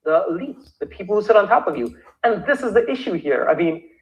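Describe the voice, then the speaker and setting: Man, podcast guest, high voice, swooping intonation, restarts sentences. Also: fairly quick, muffled recording. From Canada. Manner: animated, acts out quoted voices, frequent restarts. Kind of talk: podcast interview conversation.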